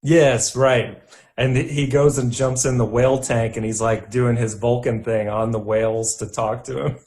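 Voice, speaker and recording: A young man co-hosting a casual chat about favorite films, easygoing, laughing often and filling pauses with "uh". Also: medium pitch, steady tone, a little mellow. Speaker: podcast co-host.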